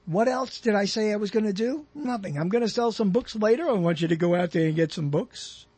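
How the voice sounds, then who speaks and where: A man's voice: high-pitched, fairly quick, a little mellow, husky, no echo. An older man hosting his own internet radio show solo, rambling and joking with self-deprecating asides.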